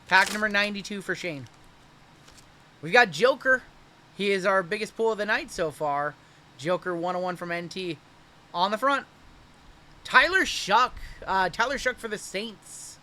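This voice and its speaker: A man's voice: high voice, lively intonation, bright, forceful tone. A man hosting a live card-break stream, chatting casually as he opens packs and reacts to each pull. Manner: chatty, upbeat, and quick to react to pulls.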